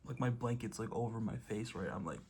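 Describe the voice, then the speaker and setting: In a motivational vlog, a young man with a fairly low voice speaks briskly to camera, with a little hiss or hum in the audio. He's casually telling a story, loudly acting out the quotes in it.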